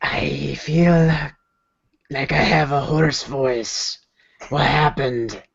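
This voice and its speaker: A man voicing a hoarse part-lizard male sea captain with a forked tongue, speaking slowly and threateningly. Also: medium pitch, full character voice. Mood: confused. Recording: dull lo-fi recording.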